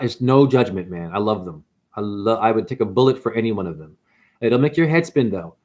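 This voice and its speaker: A man hosting a livestream, talking in a casual, slangy spiritual monologue and jumping into high mocking voices when he quotes people.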